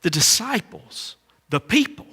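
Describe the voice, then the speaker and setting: Male preacher, bright and leisurely, dramatic loud-soft swings, echoing church. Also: high-pitched, very animated, a little slow, slightly rough. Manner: preaching with sudden swings between loud calls and hushed asides. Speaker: pastor. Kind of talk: sermon. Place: church sanctuary. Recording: echoey church hall.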